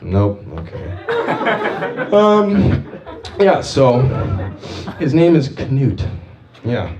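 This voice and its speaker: Animated man doing stand-up. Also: takes it slowly, highs cut off. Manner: animated, jumpy storytelling with big pitch swings. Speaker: stand-up comic. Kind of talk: stand-up set at an open mic. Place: small open mic venue. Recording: distant mic with audible noise.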